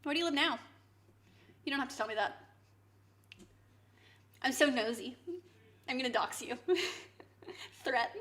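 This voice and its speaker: A woman with a bright, high voice hosts a relaxed cooking stream. She chats playfully with her viewers, teasing them in an easygoing way. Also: measured pace, long pauses. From Canada. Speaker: live streamer. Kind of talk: casual chat with viewers while cooking.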